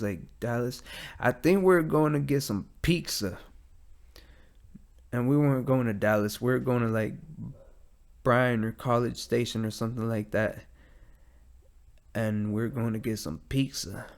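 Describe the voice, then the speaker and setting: Young dude rambling solo on his podcast, casual, cussing nonstop. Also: mid-range voice. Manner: rambling, profane, laid-back. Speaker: podcast host. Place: home garage.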